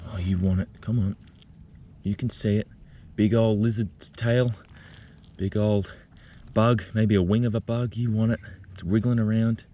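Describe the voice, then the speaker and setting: A man vlogging outdoors in the bush, talking gently and excitedly as he coaxes a spider out of its burrow. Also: lowish voice, unhurried, a little hiss or hum. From Australia. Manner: excited, gentle, coaxing, thinking aloud. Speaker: nature vlogger. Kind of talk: outdoor wildlife vlog, talking to camera. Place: outdoors in a bushland reserve.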